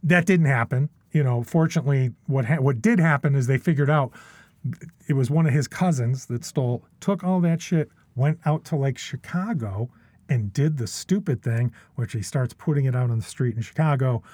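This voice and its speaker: A podcast guest in middle age tells casual stories in a mid-range, darkish voice at a moderate pace. He rambles, starts over a lot, ends sentences with tag questions, and swears often. No echo is heard.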